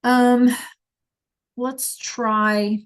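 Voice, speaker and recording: A woman's voice: fairly high pitch, little pitch movement, extremely slow, clear, resonant tone. A woman teaching a Spanish class over a video call, praising students by name and encouraging them.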